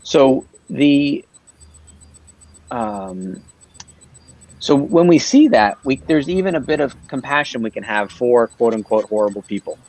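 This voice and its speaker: A man's voice: mid-range voice, animated, measured pace, pauses often, a little mellow, poor audio. Earnest man explaining on a livestream. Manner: earnest, explanatory, repeats "right?" often. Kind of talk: livestream panel talk.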